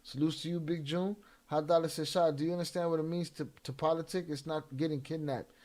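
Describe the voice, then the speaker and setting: A man hosting a casual livestream, reading chat shout-outs in slangy, profane talk and flaring into heated rants. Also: a little high, steady tone, brisk. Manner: flares up into heated, cursing rants. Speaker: livestream host.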